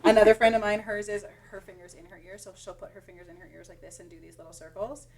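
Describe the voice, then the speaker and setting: A woman's voice: mid-range voice, flat delivery, quick pace, darkish tone, recorded from a distance. A woman who is a massage therapist, chatting as a podcast guest and explaining with hands-on examples. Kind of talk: casual podcast chat.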